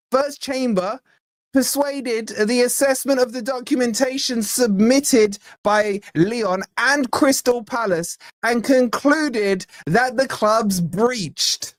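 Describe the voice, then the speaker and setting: A man's voice: very high-pitched, no room sound, pitched above the performer's own voice. Posh stuffy official reading a statement aloud, a guy hamming it up, dry close sound. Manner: formal, over-enunciated reading.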